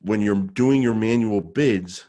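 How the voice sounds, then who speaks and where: A man's voice: on the low side, slow pace, warm tone. A man co-hosting a podcast, chatting casually in a jokey, self-assured way with loose restarts. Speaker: podcast co-host.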